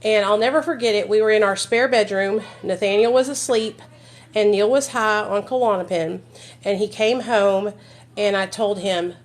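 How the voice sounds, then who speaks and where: A woman's voice: mid-range voice, steady tone, moderate pace, slight background noise. A woman vlogger telling a personal story on a live stream, blunt and emphatic, swearing freely and talking straight to her viewers.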